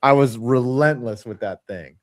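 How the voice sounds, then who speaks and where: A man's voice: mid-range voice, measured pace. A man hosting a casual livestream, telling rambling profane stories with many restarts. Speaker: livestream host.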